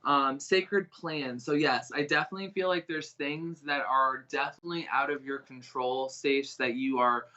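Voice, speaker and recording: Bright-voiced man giving halting psychic readings. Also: medium pitch, fairly even intonation, highs cut off. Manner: halting, searching, many restarts. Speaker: psychic medium reader. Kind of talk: live online psychic reading.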